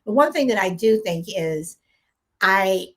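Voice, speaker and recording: A woman's voice: medium pitch, lively intonation, unhurried. A middle-aged woman co-hosting a podcast, giving frank opinions in casual chat. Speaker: podcast co-host.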